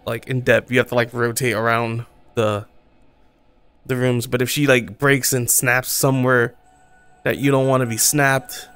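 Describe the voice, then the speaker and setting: A man streaming a horror game, talking to himself in casual commentary, swearing and jumping to a high squeal when startled. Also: fairly bright tone, smooth. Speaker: gaming streamer.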